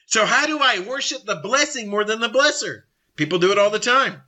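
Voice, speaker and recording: A middle-aged man leading a Bible study, blunt and confrontational, with quick asides to his group. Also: high-pitched, lively intonation, bright, forceful tone. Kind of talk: forceful Bible study teaching.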